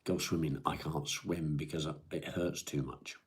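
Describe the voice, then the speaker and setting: A middle-aged man hosting a live stream, chatting in a weary, halting way with many restarts. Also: a bass voice, fairly even intonation, slightly rough. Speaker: live-stream host reading viewer comments. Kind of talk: casual chat.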